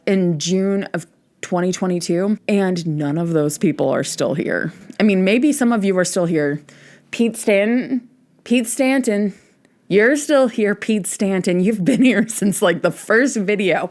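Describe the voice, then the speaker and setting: A woman hosting her own video essay, talking in an impassioned, rambling way and swearing freely as she argues her point. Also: mid-range voice. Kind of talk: impassioned casual commentary.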